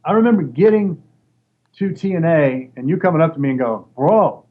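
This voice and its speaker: A man's slightly high voice moves at a normal speed as he tells casual stories on an interview. He's a former wrestler, lively in his delivery, putting on voices for everyone he quotes. The audio is lo-fi and dull, with faint noise.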